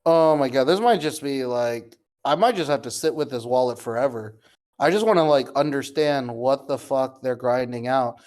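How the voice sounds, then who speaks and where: Sharing his screen live, a young man browses crypto wallets and comments casually, swearing in disbelief and addressing his audience as "guys." He speaks at a normal speed with a medium pitch and a darkish tone.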